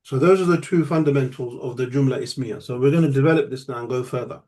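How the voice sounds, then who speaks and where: A man leads an online grammar class over a computer mic. His voice is mellow and warm, sitting at an ordinary middle pitch. He explains patiently, step by step, and often stops to check that his student is following. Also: fast talker. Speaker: Arabic teacher.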